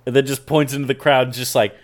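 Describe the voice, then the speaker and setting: A man's voice: medium pitch, little pitch movement, quick pace. A man co-hosting a podcast, casually and animatedly retelling movie scenes with frequent laughter. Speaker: podcast co-host. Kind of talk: casual movie-recap chat.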